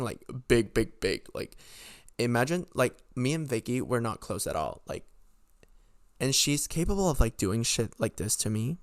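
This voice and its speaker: A man's voice: mid-range voice, clear, resonant tone, no echo, clean studio sound. A young man hosting a podcast, telling a storytime in a rambling, exasperated way, full of filler words and swearing. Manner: exasperated, incredulous. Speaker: podcast host. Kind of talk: casual storytime rant.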